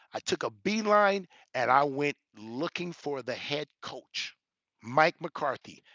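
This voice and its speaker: A man in his forties, an elder, telling a personal story with emphatic rhetorical questions and building toward near shouting. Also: on the high side, dry recording, lo-fi sound. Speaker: elder giving a reaction commentary. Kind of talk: animated personal storytelling commentary.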